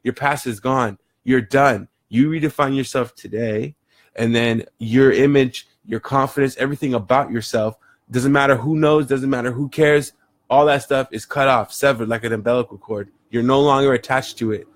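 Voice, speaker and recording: A man's voice: medium pitch, steady tone, moderate pace, no echo. A man talks through his thoughts on mindset in an earnest, wandering way, circling back and repeating words as he goes. His mid-range voice sits close and dry, with no room sound around it. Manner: earnest, rambling, repeats words while thinking. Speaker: motivational vlogger. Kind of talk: reflective casual monologue.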